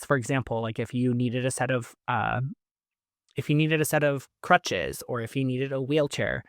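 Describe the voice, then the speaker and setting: Here a Canadian podcast host tells a personal story in a chatty, casual style, laughing between lines and dropping lots of "like" fillers. His voice sits in the mid range. The studio sound is clean, with no echo.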